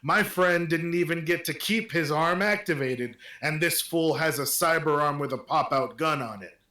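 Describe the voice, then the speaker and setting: A man's voice: on the high side, normal speed, sharp tone, reverberant, voice pushed up. A man playing an angry character who puts on a stiff, authoritative voice to demand answers, with a thin Japanese accent. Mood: indignant. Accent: thin put-on Japanese accent. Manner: indignant, demanding.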